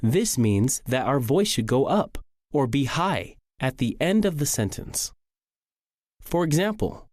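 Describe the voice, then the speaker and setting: A man narrating a scripted English lesson, reading slowly and clearly. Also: medium pitch, sing-song, a little mellow, no echo, clean studio sound. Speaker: English teacher.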